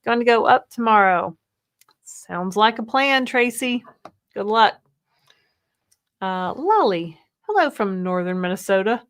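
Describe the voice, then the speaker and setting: A woman's voice: medium pitch, expressive, unhurried, long pauses, fairly bright tone, clean tone. Chatty woman in her fifties, live chat. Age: 50s. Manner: chatty, laughs often, reads comments aloud. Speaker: co-host of a livestream. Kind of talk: casual live chat reading viewer comments.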